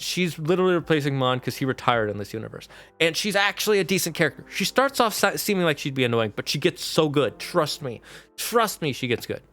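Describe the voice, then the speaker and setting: A man's voice: a little high, fairly bright tone. A man streaming live, chatting casually and animatedly with his viewers and mods. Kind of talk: casual livestream chat.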